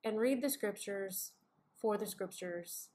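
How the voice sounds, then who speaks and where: A woman's voice: mid-range voice, takes it slowly, warm tone. A mother talking earnestly and reflectively in a casual faith conversation, acting out little scenes as she goes. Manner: earnest, reflective, acts out quotes vividly. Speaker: mother and co-host of a family faith podcast.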